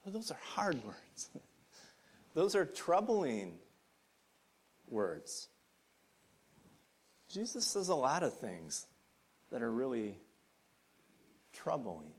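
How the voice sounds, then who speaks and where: A man preaching a sermon, earnest and conversational, building to emphatic points and dropping to soft asides. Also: medium pitch, huge pitch swings, drawn-out words, pauses often, slightly rough. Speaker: pastor.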